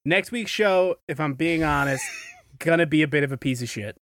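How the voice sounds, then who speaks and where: A man from New York co-hosting a podcast, teasing the host with dry, deadpan remarks. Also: fairly high pitch, moderate pace, no room sound. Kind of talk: casual chat.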